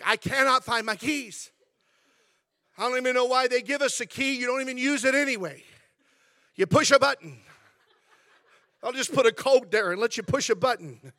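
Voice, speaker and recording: A man pastor giving a sermon, telling stories in a chatty, animated, humorous way. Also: very high voice, no room sound, clean studio sound.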